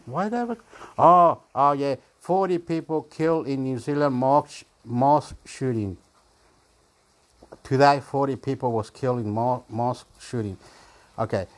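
A man chats his way through whatever is on his screen, reading bits aloud piece by piece. He stumbles, repeats words and jumps into loud exclamations, all in a loose, unscripted manner. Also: medium pitch. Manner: chatty, exclaiming and laughing, halting and repeating words; reads web pages aloud piece by piece. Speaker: vlogger reading websites aloud. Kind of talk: casual rambling commentary.

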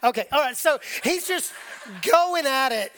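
A middle-aged man preaching a sermon, telling stories in a relaxed, conversational way with frequent laughs. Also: extremely high pitch, a little slow. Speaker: pastor.

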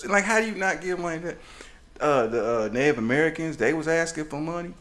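Podcast co-host, male, lively rambling storyteller, laughs through his bits. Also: fairly high pitch, quick pace. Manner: animated, rambling, laughs often.

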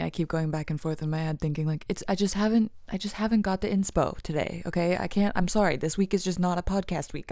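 A woman's voice: on the low side, dark tone, no room sound, studio quality. A young woman hosting a casual solo podcast, rambling and self-deprecating, often laughing and dropping into whispers. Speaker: podcast host.

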